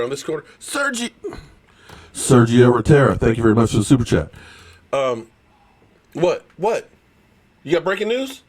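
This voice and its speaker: A man with a straining voice hosts a live sports stream, loud and fired up, teasing rival fans. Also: mid-range voice.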